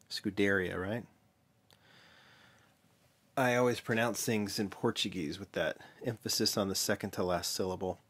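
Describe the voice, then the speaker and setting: A man hosting a casual show-and-tell vlog, talking in an offhand, mumbling way and often correcting himself. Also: fairly low pitch. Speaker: vlog host, toy car collector.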